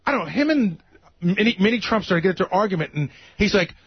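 This man talks fast in a high, slightly husky voice, spinning a rambling anecdote for radio banter. The sound is muffled, like a broadcast. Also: no echo. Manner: rambling, animated anecdote-telling with restarts. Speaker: radio show regular. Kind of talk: casual radio banter, storytelling.

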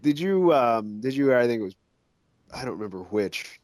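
A man's voice: mid-range voice, expressive, normal speed, darkish tone, no echo. A man co-hosting a casual podcast, rambling and swearing as he talks about wrestling. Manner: rambling, profane, hesitant. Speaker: podcast co-host. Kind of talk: casual chat.

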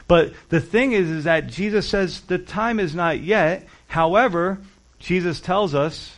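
A man's voice: sits high, unhurried. A male pastor preaching a sermon, earnest and urgent, speaking directly to his listeners.

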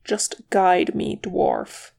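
A proud male elf archer, cool and dry in every reply, as a narrator reads him. The delivery is slow and gravelly, from a storybook reading. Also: mid-range voice, huge pitch swings, a little mellow, full character voice. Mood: cool haughty. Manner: dry, haughty and clipped.

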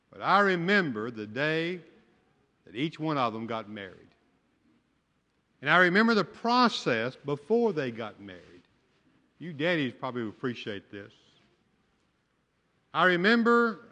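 A man's voice: on the high side, pushed and bright. An older man, a pastor, preaching a sermon with folksy storytelling and humor. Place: church sanctuary. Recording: long church hall reverb.

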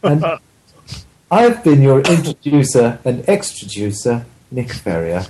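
A man hosts a casual podcast panel with a teasing, mock-announcer delivery. His pitch swings widely from phrase to phrase, and a faint hiss sits under the recording. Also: sing-song, a little slow, warm tone, low-quality recording. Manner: joking, mock radio-announcer sign-off. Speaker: podcast host.

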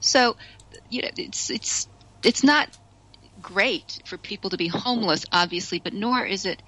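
A woman's voice: medium pitch, moderate pace, bright, forceful tone, poor audio. A woman talking as a guest commentator on a radio show, chatty, with frequent restarts and laughter. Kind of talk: casual radio discussion.

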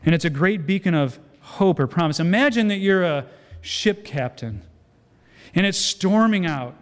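A man preaching a sermon as a guest speaker, animated storytelling with acted-out quotes and self-deprecating humor. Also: high voice, normal speed. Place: church sanctuary. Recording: long church hall reverb.

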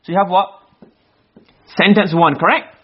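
In a dull, lo-fi classroom recording, a man lectures on Arabic rhetoric, reading Arabic phrases and explaining them in English. His voice sits high and slightly rough, with fairly even intonation and a normal pace. He moves between Arabic text and English explanation and keeps checking with the class, asking "okay?" and "you understand?"

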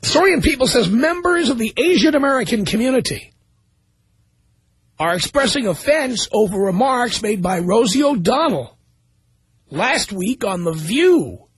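Sarcastic high-voiced male radio host. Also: very animated, moderate pace, breathy edge, no echo. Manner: sarcastic, reading news items aloud with commentary. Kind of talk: talk radio monologue.

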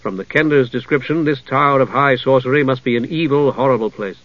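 A man narrating a fantasy audiobook in a measured storytelling manner. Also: mid-range voice, no echo. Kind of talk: scripted narration. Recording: dull lo-fi dry recording.

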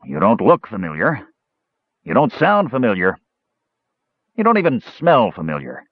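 A man's voice: medium pitch, big pitch swings, moderate pace, no echo, voice pushed up. A man putting on a grumpy drunken dwarf. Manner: gruff, irritable, curt. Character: testy drunken male dwarf smith, young. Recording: dull, muffled recording.

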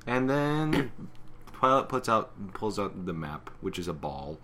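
A man co-hosting a laid-back podcast, his voice bright and forceful, with a lively, swooping delivery. He chats about a comic, laughs a lot and swears freely. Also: on the low side, a little slow, slight background noise. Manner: laughs often, swears casually. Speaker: podcast co-host. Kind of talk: casual chat recapping a comic.

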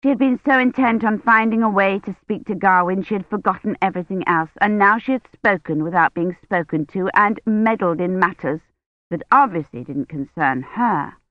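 A woman narrating an audiobook in a measured, even storytelling manner. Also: mid-range voice, no echo. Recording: dull dry lo-fi recording.

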